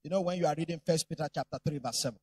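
A man's voice: on the high side, rapid-fire, husky, no room sound. A man preaching a sermon, telling stories with humor and acting out voices. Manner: animated, humorous storytelling.

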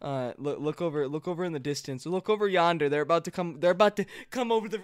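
A man hosting a live gameplay stream, excitable and joking, often yelling to his co-player. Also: fairly high pitch, fast, few pauses, clean tone, dry recording. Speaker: streamer host.

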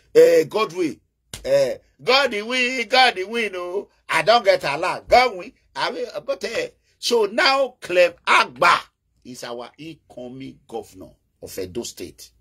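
A man's voice: medium pitch, a bit bright, husky. A Nigerian man with an Edo accent, giving an emphatic casual political monologue, mixing in Pidgin and breaking into calls. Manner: emphatic, bursts into chanting and calls, mixes in Pidgin. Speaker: political commentator.

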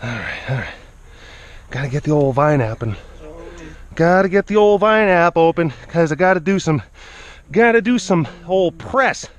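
The audio is dull, and the man's fairly high voice has lively intonation, a moderate pace, and frequent pauses. As a vlogger who handles big cats, he narrates outdoors while out of breath, coaxing the animals and talking to them between his comments.

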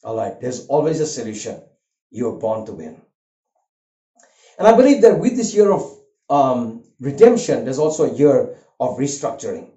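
An older man preaching a sermon, an earnest and animated storyteller who weaves a personal story into his message. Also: medium pitch, normal speed, long pauses. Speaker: pastor. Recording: roomy, dull lo-fi sound.

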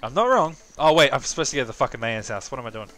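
A man's voice: mid-range voice, lively intonation, racing, a bit bright, soft background music. A man giving casual, profane, self-mocking commentary on a live game stream.

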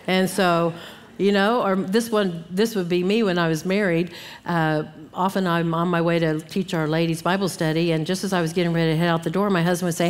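A woman's voice: fairly low pitch, fairly even intonation, a little fast, clear, resonant tone. A middle-aged woman giving an earnest Bible teaching talk at a conference, acting out grumbling asides as she goes. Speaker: conference speaker. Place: church hall. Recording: long hall reverb.

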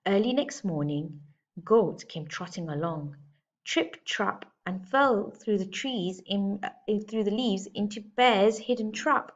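Woman teacher, storybook read-aloud for kids, gentle, slightly dull lo-fi sound. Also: fairly low pitch, a little slow. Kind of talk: reading a picture book aloud to children.

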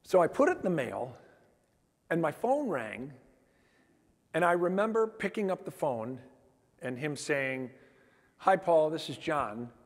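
A man's voice: on the high side, big pitch swings, a little slow, long pauses. A man on stage at a conference, telling heartfelt stories in an emphatic storytelling style and acting out the quoted dialogue. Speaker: conference speaker. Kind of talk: storytelling keynote talk. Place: large conference hall. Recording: long hall reverb.

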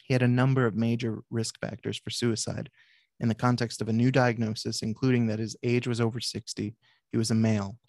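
Author reading, male, flat and gravelly, dry close sound. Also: mid-range voice, dry recording. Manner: measured, with brief asides to the audience. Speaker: author and psychiatrist. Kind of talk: reading aloud from his book.

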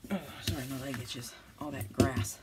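A woman's voice: very deep voice, normal speed, heavy background noise. A woman, telling a rambling, self-deprecating story as she crafts at home for her vlog. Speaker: crafting channel host. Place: home, with dogs nearby.

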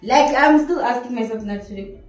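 A young woman with a South African accent, telling her personal story in an interview, animated and switching in and out of isiZulu. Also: fairly high pitch, normal speed. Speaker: interview guest. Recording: echoey room, voice from a distance, faint music.

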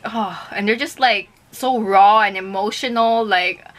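A woman's voice: mid-range voice, measured pace, hardly any pauses. A young woman reacting to a music video in a casual chat to camera, emotional and gushing, with lots of fillers.

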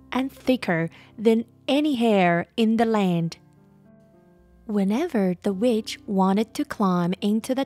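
A woman narrating a fairytale as a gentle bedtime story with very slow, gentle pacing. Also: medium pitch. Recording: soft background music.

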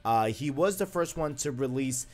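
A man hosting a casual gaming news video in a mid-pitched, ordinary voice. He rambles along in a chatty way, full of fillers and false starts. Soft music plays faintly underneath. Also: lively intonation, normal speed.

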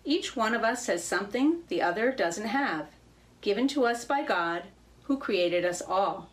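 A woman reading the part of a humble dove in a children's story, speaking softly and modestly. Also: medium pitch, expressive, a little slow, natural voice. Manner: soft, humble. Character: modest gentle female dove.

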